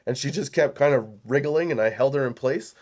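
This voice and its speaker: Young guy podcaster rambling on, animated and cussing a bunch. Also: medium pitch, brisk. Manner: rambling, animated, swears casually. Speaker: comedy podcast host. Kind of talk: casual storytelling monologue.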